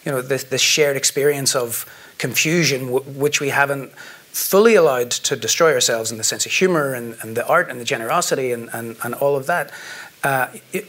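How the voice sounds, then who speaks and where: A man's voice: medium pitch, brisk, a bit bright. A man with a Belfast accent telling wry, self-deprecating stories at a live festival talk, often restarting his words. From Northern Ireland. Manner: wry, self-deprecating humour with frequent laughs; restarts and stumbles over words. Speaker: guest artist. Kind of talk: storytelling conversation.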